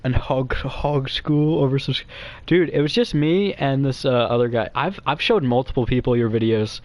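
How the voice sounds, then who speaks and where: A young man rambling crudely and nervously as a guest to some streamers, giggling as he goes. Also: mid-range voice. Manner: nervous, quick and quiet. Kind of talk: rambling comedic chat.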